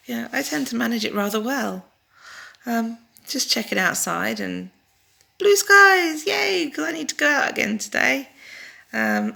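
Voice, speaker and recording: Brief: middle-aged woman, casual vlog, rambling self-aware musing, bright edge with a gravelly fry. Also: fairly high pitch. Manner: rambling and wry, with many restarts and fillers. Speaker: vlogger. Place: home during lockdown.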